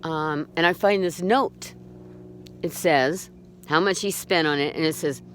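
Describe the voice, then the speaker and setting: A woman's voice: sits low, measured pace, a little hiss or hum. A woman telling her own story in an unscripted way, blunt and profane, agitated and indignant, often restarting her sentences. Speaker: storyteller recounting own experience. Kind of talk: unscripted personal account.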